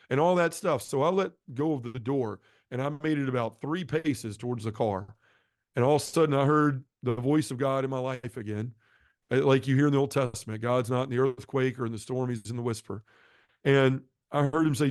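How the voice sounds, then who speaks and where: A man's voice: fairly quick, no room sound, clean studio sound. A middle-aged man who is a podcast guest, telling his conversion story in an earnest, impassioned way. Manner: earnest and impassioned, shifting pitch and volume. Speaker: guest sharing a conversion testimony. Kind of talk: emotional testimony storytelling.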